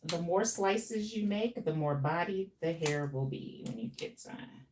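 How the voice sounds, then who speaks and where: A woman's voice: lowish voice, lively intonation, a little slow, distant mic. A woman who styles hair on a live stream, chatting playfully with viewers as she works. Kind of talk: live stream chat while styling hair. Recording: off-mic with faint background noise.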